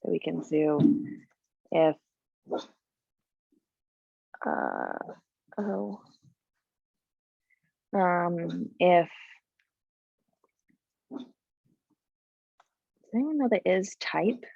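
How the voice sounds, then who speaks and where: A woman leads a coding lecture at an unhurried pace, her voice low and gravelly. She stops often to think aloud and speaks frankly. The sound is dry and dull, like lo-fi online class audio. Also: sing-song, no echo. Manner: halting, thinks aloud with many fillers; frank, blunt about client handling. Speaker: coding bootcamp instructor.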